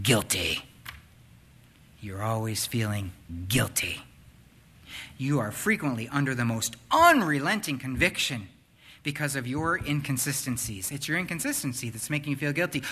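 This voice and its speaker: A man preaching a sermon, swinging between loud, urgent passages and hushed, near-whispered ones. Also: mid-range voice, lively intonation, moderate pace, breathy edge. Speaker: pastor.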